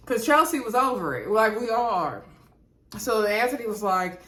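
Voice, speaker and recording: A woman's voice: a little high, very animated, normal speed. A woman giving a chatty, outspoken review of a reality TV episode on her vlog and talking straight to her viewers. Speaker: reality TV recap YouTuber. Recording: roomy echo.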